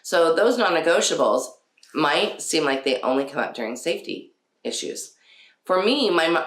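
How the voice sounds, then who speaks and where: Very low-voiced woman giving chatty parenting advice. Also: a bit bright. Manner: chatty, laughs often, many fillers. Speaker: podcast host. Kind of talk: casual parenting advice talk. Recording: roomy echo.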